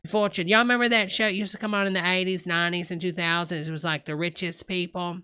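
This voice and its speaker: A woman's voice: on the low side, steady tone, fast, sharp tone, smooth. Chatty woman live-streaming. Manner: chatty, Southern-style "y'all" and "honey" asides. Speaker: livestream host. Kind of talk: casual live-stream commentary.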